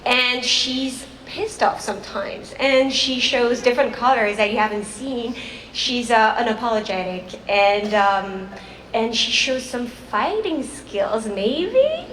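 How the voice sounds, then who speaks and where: A woman's voice: fairly high pitch, slow pace, fairly bright tone, a little hiss or hum. A woman on a convention panel, giggly and hesitant with many fillers. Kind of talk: panel talk. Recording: echoey hall recorded from far off.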